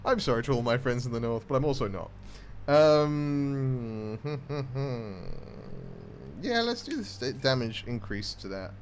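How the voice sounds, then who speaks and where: A man's voice: medium pitch, expressive, measured pace, pauses often, a little hiss or hum. A man casually commenting on his gameplay, joking and muttering through menus. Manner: chatty, jokey, mutters while reading menus. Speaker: gaming channel host.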